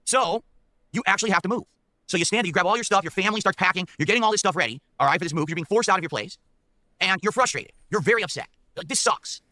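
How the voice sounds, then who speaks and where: A man's voice: sits high, fast, sharp tone, no echo. A man ranting to his viewers, building an emphatic hypothetical and checking in with them. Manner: emphatic, keeps checking in with the audience. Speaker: online streamer.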